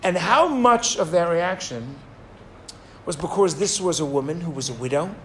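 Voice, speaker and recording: A man teaching a Torah class, telling a story in an animated, digressive way and acting out the people in it. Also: on the high side, normal speed, slight background noise. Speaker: rabbi teaching.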